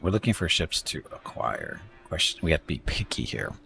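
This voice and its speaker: A man's voice: very deep voice, big pitch swings, brisk, vocal fry, pushed and bright, soft background music. A man casually commenting on his space strategy game during a live stream, rambling, thanking viewers and joking about word pronunciations.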